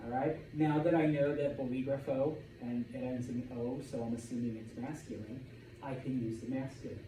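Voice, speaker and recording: A man teaching a Spanish class, lecturing in a lively way and often checking in with "okay?". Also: medium pitch, moderate pace, a little hiss or hum. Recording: echoey classroom from far off.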